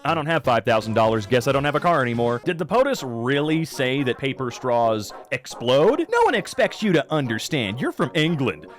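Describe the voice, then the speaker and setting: An American man reading online posts aloud and mocking them with sarcastic, swearing comments. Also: fairly high pitch. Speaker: reaction video narrator.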